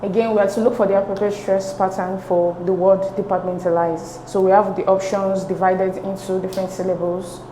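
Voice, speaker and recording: This teacher talks fairly quickly with hardly any pauses, in a medium-pitched, warm voice with a flat delivery. She explains exam answers step by step, patient and methodical, checking "okay?" often, recorded in an echoey room with faint noise.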